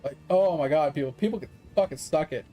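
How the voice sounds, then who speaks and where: A man's voice: on the high side, fast, warm tone, faint music behind. A man streaming a game, ranting in casual, sarcastic talk, swearing and acting out the people he quotes. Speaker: gaming streamer. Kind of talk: casual rant while gaming.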